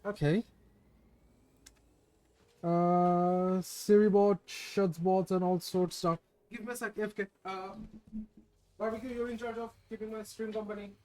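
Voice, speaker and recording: A man's voice: sits high, flat delivery, a little slow, long pauses, a little mellow. A man casually chatting with viewers on his game stream, rambling and self-mocking, swearing when something goes wrong. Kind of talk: casual live-stream chat with viewers while gaming.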